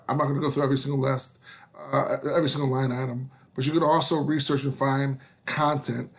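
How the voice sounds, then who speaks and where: A man teaching an online webinar class in a casual, joking way. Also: mid-range voice. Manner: casual, joking, with frequent fillers.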